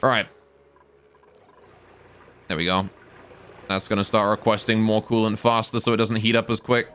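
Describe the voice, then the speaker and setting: A man's voice: fairly low pitch, flat delivery, moderate pace, fairly bright tone, soft background music. A man live-streaming a game, thinking aloud about his build and answering his chat.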